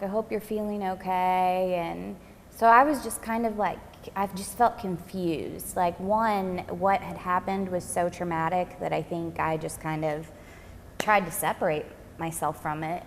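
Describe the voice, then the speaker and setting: A woman recounting her own experience in a documentary interview, speaking in a soft, reflective way with casual fillers. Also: lowish voice, slight background noise. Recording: long hall reverb.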